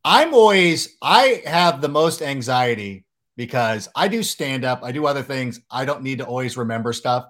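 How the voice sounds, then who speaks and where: A man hosting a casual podcast, telling jokey, animated stories and acting out quotes. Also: mid-range voice, moderate pace. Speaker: podcast host.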